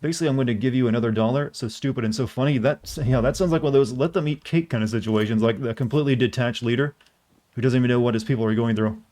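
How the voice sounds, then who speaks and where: A man's voice: mid-range voice, a little mellow. Chatty male game streamer. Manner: chatty, answers chat, halting restarts. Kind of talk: casual gameplay commentary.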